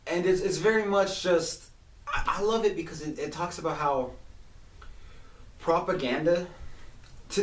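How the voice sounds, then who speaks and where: A man in his late twenties hosting a casual, animated monologue about an old movie. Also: mid-range voice, roomy sound, recorded from a distance, low-quality recording. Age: 20s. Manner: animated, chatty, swears. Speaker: podcast host.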